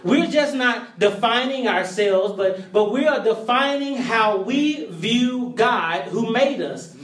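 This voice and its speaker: Pastor, mid-pitched, repetitive call-and-response sermon; echoey, distant church room sound. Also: expressive, slow, fairly bright tone. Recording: roomy, heard from a distance.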